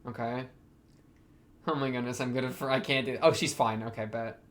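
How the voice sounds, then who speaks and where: A man hosting an anime reaction video, talking back to the screen and swinging from quiet muttering to excited outbursts. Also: mid-range voice, fairly quick. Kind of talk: casual anime reaction commentary.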